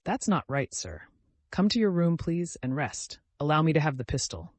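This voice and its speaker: A man's voice: fairly high pitch, sing-song, normal speed, dry recording. A man doing a pleading, polite house servant. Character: anxious, deferential male household servant.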